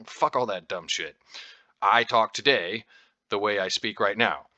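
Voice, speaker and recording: Rambling American man, bright voice. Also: fairly low pitch, measured pace, no room sound, dull audio. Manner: rambling, with frequent fillers and restarts; informal, occasionally profane. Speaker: podcast host. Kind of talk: casual explanatory talk.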